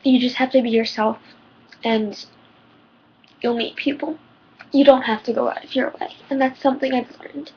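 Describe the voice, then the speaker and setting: A woman's voice: on the high side, fairly even intonation, moderate pace, pauses often, slightly rough, highs cut off. A teenage girl giving personal advice in a rambling, heartfelt vlog, her voice shaking near tears. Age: teens. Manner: rambling, heartfelt, many ums. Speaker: vlogger.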